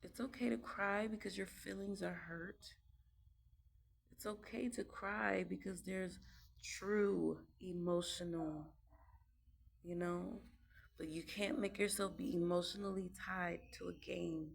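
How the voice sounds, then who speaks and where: A woman's voice: lowish voice, fairly even intonation, slow pace, creaky. A young mother talking about raising her children in a casual, emphatic monologue, repeating herself to drive points home.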